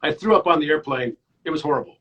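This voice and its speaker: A man in his fifties, a podcast guest, talking earnestly and telling animated stories. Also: a little high, quick pace, breathy edge, dull audio. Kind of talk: casual interview chat.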